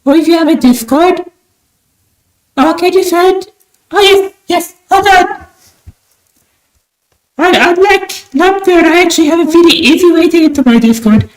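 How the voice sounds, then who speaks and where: High-voiced woman streamer with strained throat. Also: normal speed. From Australia. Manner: put-on high, theatrical bird-persona voice, loud and enthusiastic. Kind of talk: livestream chat while drawing. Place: small room at home at night. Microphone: desk mic with high gain. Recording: roomy echo.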